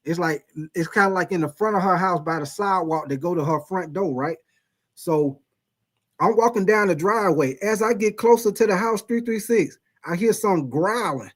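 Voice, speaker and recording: A man's voice: high voice, moderate pace. A man telling a funny personal story to his live stream chat, repeating himself and laughing often.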